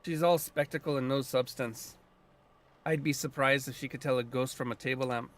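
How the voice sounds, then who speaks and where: A man doing a gruff Scottish-ish druid. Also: medium pitch, fairly even intonation, moderate pace, natural voice. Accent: put-on loosely Scottish. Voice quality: folksy, blunt and earthy. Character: gruff, blunt male druid guardian of the land. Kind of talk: voicing a game character.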